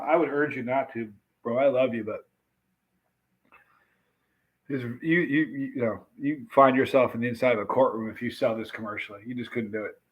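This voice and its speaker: A man's voice: mid-range voice, dull audio. A man hosting a live stream, chatting and reading comments while his mouth burns from a very hot pepper extract, gasping and exclaiming. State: burning mouth, hiccuping.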